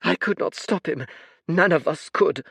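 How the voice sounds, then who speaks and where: Man putting on a tired, teary old seer: high, quavering croak, dry close sound. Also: measured pace, a bit bright, no echo, heavily acted. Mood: weary, sorrowful. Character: old weary male seer, teary and sorrowful.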